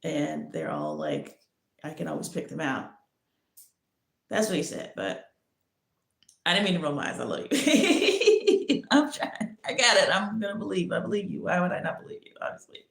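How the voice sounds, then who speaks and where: A woman's voice: lowish voice, sing-song, a little fast, pauses often, fairly bright tone. A woman hosting a podcast, telling a personal story in a rambling way, with many restarts. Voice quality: creaky. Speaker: podcast host. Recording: echoey room.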